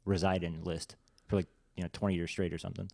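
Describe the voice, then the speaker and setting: A chatty, agreeable man guesting on a podcast, speaking quickly in a fairly low voice. The sound is dry and close, with no room around it. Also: level tone, vocal fry, a little mellow, no echo. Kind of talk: casual podcast chat.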